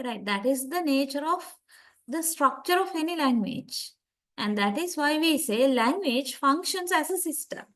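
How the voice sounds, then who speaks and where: Slow, deliberate woman lecturing online. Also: high-pitched, fairly bright tone, low-quality recording. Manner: slow, deliberate explaining with frequent "right?" and "uh" checks.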